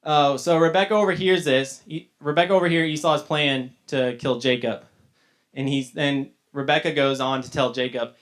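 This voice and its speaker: A man's voice: fairly high pitch, moderate pace, fairly bright tone. Casual youth Bible teacher, man. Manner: chatty, loose retelling with fillers. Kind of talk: casual Bible lesson to young people.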